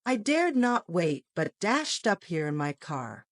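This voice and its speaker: A woman reading the part of an excitable army colonel, speaking in a clipped, brisk manner. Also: lowish voice, no echo, clean studio sound. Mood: eager.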